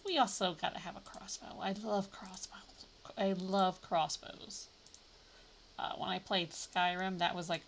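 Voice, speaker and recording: Here a woman offers casual commentary while streaming a game live, musing aloud and now and then bursting into playful exclamations. She speaks at a medium pitch with a slightly bright tone, over a faint hiss or hum.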